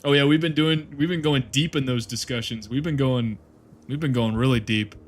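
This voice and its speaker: A man's voice: mid-range voice, fairly even intonation, moderate pace, a little hiss or hum. A man chatting casually to his viewers on a live stream while playing a game, rambling, laughing and swearing freely.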